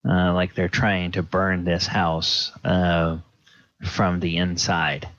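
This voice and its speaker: Slow, low-voiced game master. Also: male voice, monotone, fairly bright tone. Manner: unhurried, hesitant, many fillers. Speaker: dungeon master. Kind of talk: running a tabletop game. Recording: dull lo-fi audio.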